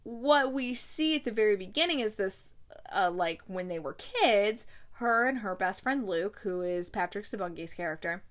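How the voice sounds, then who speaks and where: A woman talks through a movie's plot in a loose, conversational recap. She rambles and fills pauses with fillers, dropping into quick quoted lines for the characters as she goes. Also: medium pitch, lively intonation. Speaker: movie reviewer recapping a film. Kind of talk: casual chat recap.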